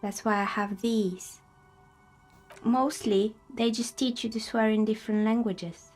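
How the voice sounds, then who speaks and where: A polite, soft-spoken dice maker from a video game. Her voice sits a little high, and her manner is calm and friendly, with light music underneath. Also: a little slow.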